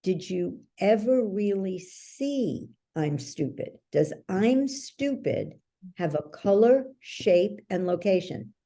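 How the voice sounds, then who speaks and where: A belief-change coach appears as a guest in an interview, explaining ideas through stories and checking in often with the listener. Her medium-pitched voice is expressive, slow, creaky, and warm.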